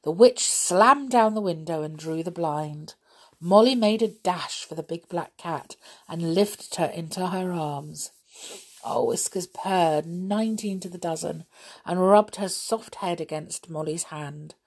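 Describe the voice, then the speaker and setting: A woman reads a children's story aloud, gentle and expressive. Her voice is low, slow and husky, and she takes her time over each line. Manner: gentle, expressive, with soft laughs.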